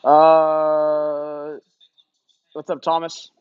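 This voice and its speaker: A man's voice: a little high, monotone, drawn-out words, clear, resonant tone, dry recording, muffled recording. A young man doing casual live-stream hockey commentary, chatting loosely and answering his viewers. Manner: chatty, reads and answers chat, lots of "like" and "man".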